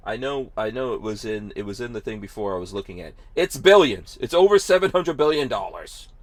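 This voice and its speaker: A man's voice: medium pitch, lively intonation, a little fast, dry recording. Male podcast host, casual talk, sarcastic, laughs a lot. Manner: sarcastic, laughing often, filler-heavy. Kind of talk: casual news chat.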